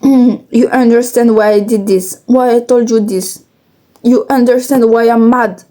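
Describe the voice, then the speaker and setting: Brief: a defensive middle-aged mother brushing off blame, slow and mellow, as her daughter quotes her. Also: a little high, steady tone, natural voice. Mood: lecturing. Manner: defensive, self-excusing. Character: speaker's mother, dismissive middle-aged woman.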